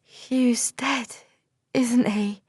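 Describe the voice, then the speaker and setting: A woman reading an audiobook, voicing a young woman in shock whose cries come out high and strained. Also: fairly even intonation, drawn-out words, slightly rough, no echo, clean studio sound, full character voice. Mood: dazed. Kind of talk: audiobook character voice.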